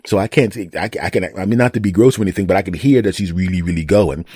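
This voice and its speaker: A man's voice: low-pitched, fast, dark tone, breathy edge, no echo, studio quality. A man hosting a podcast, telling a rambling comic story and repeating words for effect. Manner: repetitive, rambling, builds jokes by repeating words. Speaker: podcast host.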